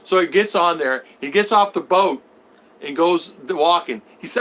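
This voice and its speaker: A man vlogger chats casually on a live stream, spinning rambling stories and acting out the voices of the people in them. His voice is fairly high and fairly bright, at a moderate pace.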